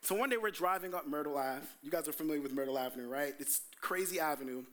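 Animated storytelling male preacher. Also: on the high side, fast. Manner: animated storytelling, quoting himself in voices. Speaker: pastor. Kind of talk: sermon.

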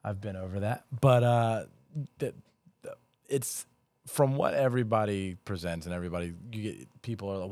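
A man with a deep, low voice in casual podcast banter. He jokes and teases as he tells stories. The sound is dry and close. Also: moderate pace, darkish tone, no room sound. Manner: joking, teasing banter. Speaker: podcast guest. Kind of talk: casual chat.

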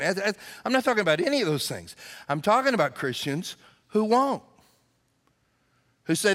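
A man's voice: high voice, big pitch swings, quick pace, a bit bright, long reverb tail. A man preaching a conversational, emphatic sermon as pastor, acting out quotes in character voices.

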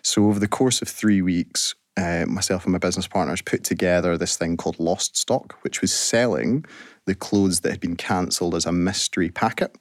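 A man with a very low voice talks through his story in a loose, chatty way, full of "like" and asides. He is a guest on a radio show, and the studio sound is dry and close. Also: fairly even intonation, normal speed, no room sound. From Scotland. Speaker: guest entrepreneur. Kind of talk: casual radio interview.

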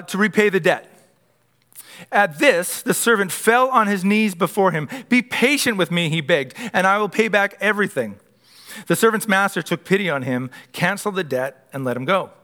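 A man's voice: sits high, pushed and bright. A man preaching a sermon as pastor, conversational with light humorous asides.

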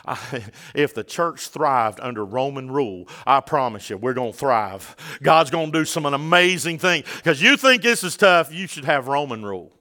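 A man's voice: medium pitch, expressive, normal speed. A man, preaching a sermon as pastor, building to fervent peaks and asking the congregation direct questions. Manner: fervent preaching, rising to a near-shout at climaxes.

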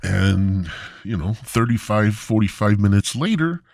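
A man's voice: low voice, big pitch swings, a little slow, slightly rough, dry recording, clean studio sound. A man hosting a comedy podcast, delivering a profane, rambling, mock-indignant rant. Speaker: podcast host.

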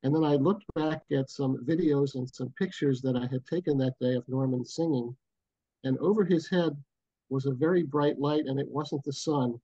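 An older man, a booking agent, telling a personal story in an interview in an unhurried, reflective way with many pauses, over a video call from home. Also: mid-range voice, mellow, husky, no room sound, dull audio. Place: home, bridge view behind.

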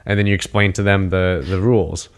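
A man with a fairly low voice chatting casually and with growing excitement. He swears freely and slips into little acted-out bits of dialogue as he talks things through. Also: a little fast. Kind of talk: casual chat.

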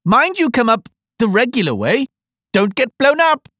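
A reader plays a tiny, out-of-breath chess queen from a storybook, her voice leaping high and husky as she gasps out orders. The recording is dry and close. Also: big pitch swings, moderate pace, a bit bright, dry recording. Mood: breathless. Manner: high, panting, emphatic.

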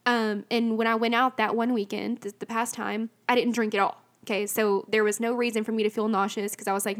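A woman's voice: on the high side, level tone, fairly quick, hardly any pauses. A young adult woman telling a personal faith story in a chatty, candid way, full of fillers and restarts. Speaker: speaker sharing a personal faith testimony.

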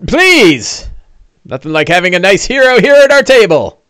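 A man putting on a pair of boisterous male dwarves, pitched far above his own voice, with loud, chummy excitement. They sound cheerful and a little tipsy in a tabletop game. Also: normal speed, clean tone, no room sound. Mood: jolly.

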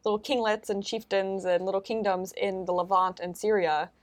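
A woman's voice: medium pitch, fairly even intonation, moderate pace. A woman co-hosting a podcast, talking casually about ancient history with many fillers and restarts. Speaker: podcast co-host.

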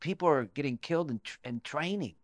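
A man's voice: on the high side, lively intonation, fast talker, dry recording. A man hosting an interview, reacting emotionally with short interjections and questions. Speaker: host. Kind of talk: interview chat.

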